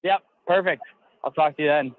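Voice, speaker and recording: A male field reporter phoning in quick, matter-of-fact live updates. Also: a little high, dry recording. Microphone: phone. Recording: phone line, clear voice.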